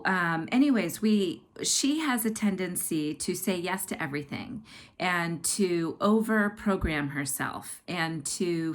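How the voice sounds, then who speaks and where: A woman's voice: fairly low pitch, fairly bright tone. A middle-aged woman hosting a podcast, giving casual advice in a chatty way with lots of fillers, calling listeners guys and loves. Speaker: podcast host.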